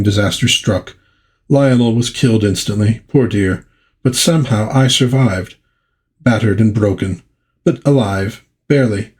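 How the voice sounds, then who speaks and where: A man's voice: medium pitch, darkish tone, natural voice. A man doing a genteel French seductress. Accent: put-on French. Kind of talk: dramatic comic book reading.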